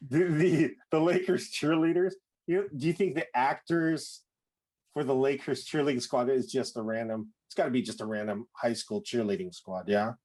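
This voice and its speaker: A man's voice: mid-range voice, moderate pace, a little mellow. A man co-hosting a podcast in casual chat, asking lots of questions and laughing often. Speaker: podcast co-host.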